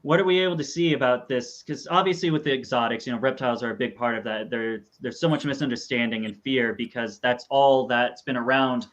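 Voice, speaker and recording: A man's voice: mid-range voice, a little fast, hardly any pauses, a bit bright. A man hosting a podcast in casual chat, speaking bluntly and swearing now and then. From United States. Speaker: podcast host. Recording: dull lo-fi sound.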